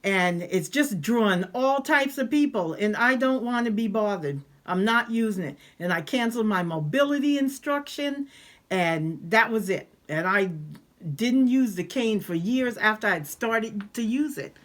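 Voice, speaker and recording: A woman with a somewhat high voice tells a personal story in a relaxed vlog. She is animated and acts out the voices of the people she quotes. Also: a little slow. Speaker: vlogger. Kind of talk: casual storytelling.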